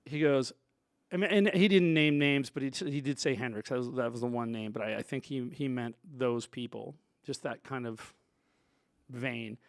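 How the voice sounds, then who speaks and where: A man's voice: medium pitch, normal speed, no echo, clean studio sound. A man, a sound engineer, telling stories from his work in a loose, rambling way full of asides. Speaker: sound engineer, show guest. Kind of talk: storytelling in a conversation.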